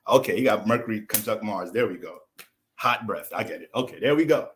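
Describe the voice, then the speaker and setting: A man's voice: lowish voice, brisk, a little hiss or hum. An American man, an astrologer, ranting in a casual livestream, joking, cursing and laughing as he goes. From United States. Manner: profane, joking, animated.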